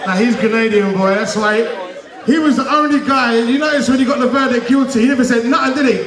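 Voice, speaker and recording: A stand-up comedian with a London accent, bantering loudly with a live awards-show crowd and laughing between lines, recorded from far off in an echoey hall. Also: male voice, very high voice, quick pace. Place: large event hall.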